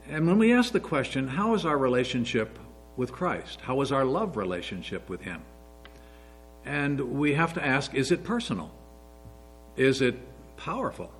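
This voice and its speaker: A man's voice: medium pitch, poor audio. A man in his sixties giving an earnest, story-filled sermon as a pastor. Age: 60s.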